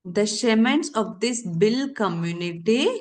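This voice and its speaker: A woman's voice: mid-range voice, lively intonation, a little slow, darkish tone, a little hiss or hum. A woman teaching a current affairs lesson for exam candidates, repeating key terms and answering her own questions.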